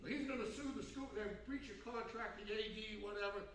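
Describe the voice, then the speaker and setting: A man in his seventies giving a keynote speech in a large conference hall, telling folksy, animated stories and laughing between them. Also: high voice, brisk, a little hiss or hum. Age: 70s. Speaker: keynote speaker. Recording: echoey hall, distant from mic.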